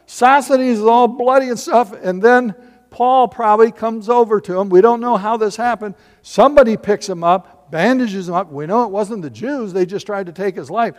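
A middle-aged man pastor preaching a sermon in a church, animated and full of rhetorical questions to the congregation. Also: high-pitched, moderate pace. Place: church sanctuary. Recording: long hall reverb.

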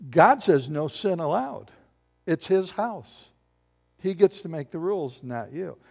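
Animated pastor preaching in a reverberant hall. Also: male voice, on the high side. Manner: animated, joking with the congregation. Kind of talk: sermon.

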